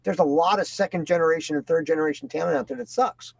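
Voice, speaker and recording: A man in his forties hosting a casual wrestling chat, talking in excitable bursts and laughing often. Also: fairly high pitch, fast talker, vocal fry, no room sound. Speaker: podcast host.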